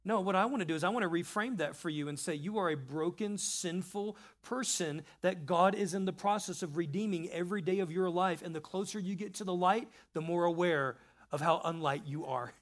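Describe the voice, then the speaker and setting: A man preaching a sermon in an animated, conversational way, reading scripture and adding casual asides. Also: sits high, brisk. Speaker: pastor.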